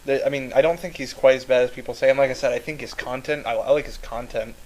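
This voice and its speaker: A man's voice: medium pitch, steady tone, quick pace, a little mellow, a little hiss or hum, rough recording. A young man co-hosting a live-stream podcast, hedging his opinions with frequent "I don't know"s. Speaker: podcast co-host. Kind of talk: casual live-stream Q&A chat.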